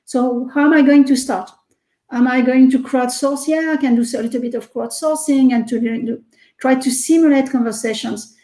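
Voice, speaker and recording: A woman's voice: high voice, fairly even intonation, normal speed, dark tone, echoey room, rough recording. A woman with a French accent talking animatedly in a casual interview over a video call, repeating words and using many fillers. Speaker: research executive guest.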